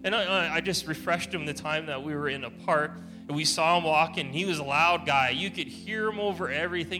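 Chatty man preaching over soft guitar. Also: fairly high pitch, a little fast, hardly any pauses. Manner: chatty storytelling, laughs often. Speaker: church speaker. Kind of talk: informal testimony sermon. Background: soft guitar music.

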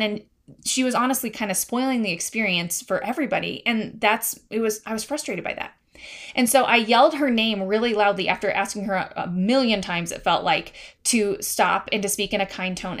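A woman's voice: medium pitch, fairly bright tone. A woman in her thirties hosting a faith-based parenting podcast, talking in an earnest, confiding way and reading scripture aloud. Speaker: podcast host.

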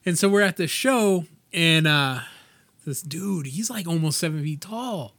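A man's voice: a little high, unhurried, no room sound. A middle-aged man co-hosting a podcast, telling stories in casual chat with plenty of swearing. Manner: profane, excitable storyteller. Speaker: podcast co-host.

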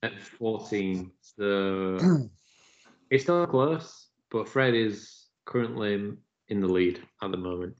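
Host, halting low voice. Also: male voice. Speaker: podcast host. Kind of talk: casual sports chat. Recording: dull lo-fi audio.

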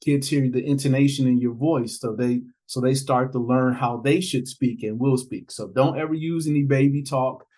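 Animated man telling stories as a guest. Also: mid-range voice, normal speed, hardly any pauses, low-quality recording. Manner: animated, laughs often, acts out quoted voices. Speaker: podcast guest, author and father. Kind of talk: conversational storytelling.

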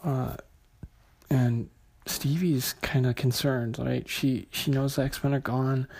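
A man's voice: medium pitch, little pitch movement, takes it slowly, gravelly, a little mellow. A man casually retelling and reviewing a comic book issue, hesitant, with many fillers and restarts.

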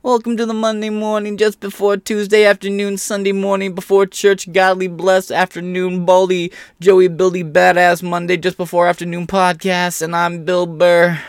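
A man doing a loud rambling podcast host. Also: high voice, completely flat delivery, normal speed, creaky, few pauses, clear, resonant tone, no room sound, clean studio sound, voice pushed up. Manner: shouty rambling delivery.

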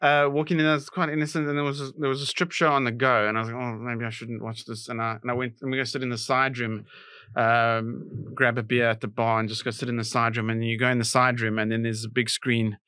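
Bright, animated comic. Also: male voice, mid-range voice, fast, smooth, no room sound, clean studio sound. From South Africa. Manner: animated storyteller, acts out quotes, laughs loudly. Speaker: podcast co-host. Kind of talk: casual comedic chat.

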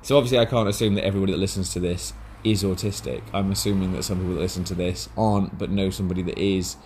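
A man's voice: sits low, steady tone, very fast, a little mellow, a little hiss or hum. A man co-hosting a casual podcast, talking in a rambling, hesitant way with lots of fillers and restarts. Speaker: podcast co-host.

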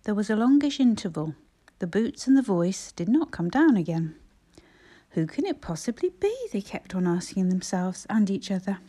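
A woman reading a classic children's story aloud with gentle, measured narration. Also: mid-range voice, husky. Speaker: audiobook reader.

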